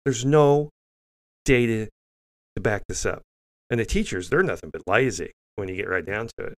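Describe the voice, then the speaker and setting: A man's voice: fairly low pitch, moderate pace. An older man hosting an opinionated news commentary show, blunt and scornful, often restarting sentences with fillers.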